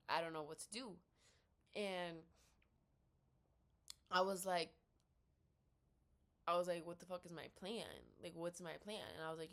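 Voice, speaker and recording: A woman's voice: on the low side, fairly bright tone. Young New woman, blunt ranting storyteller. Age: young adult. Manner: blunt, swears freely, quotes herself and others in quick dialogue. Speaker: vlogger. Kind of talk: casual storytelling rant. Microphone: laptop built-in mic.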